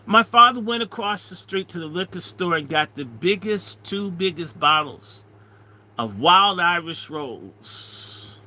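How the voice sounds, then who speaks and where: A middle-aged man, a minister, telling a story in an animated way, swinging between loud and hushed. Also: high-pitched, unhurried. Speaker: minister and speaker. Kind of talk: storytelling talk.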